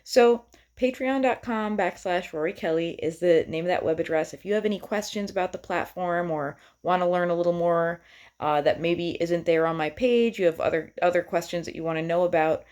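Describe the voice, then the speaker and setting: A woman songwriter with a slightly low-pitched voice talks to her viewers in a loose, chatty vlog. She sounds enthusiastic and often pauses on fillers. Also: a little mellow. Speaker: singer-songwriter.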